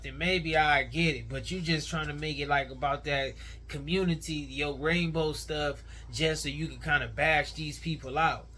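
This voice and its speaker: Brief: male reaction commentator, bright tone, slightly high, opinionated and slangy. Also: a little hiss or hum. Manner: opinionated, conversational, uses slang.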